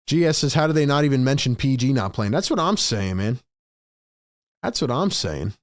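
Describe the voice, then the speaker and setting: A man hosting a live play-by-play reaction stream. He swings between hyped shouting and frustrated muttering and repeats lines for emphasis. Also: mid-range voice, lively intonation, moderate pace, dry recording, studio quality. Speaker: sports stream host.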